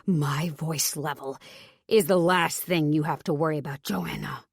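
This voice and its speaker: A woman voicing a furious, protective older brother in an audiobook, speaking low and slow through clenched anger. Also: animated, no echo, studio quality. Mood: angry.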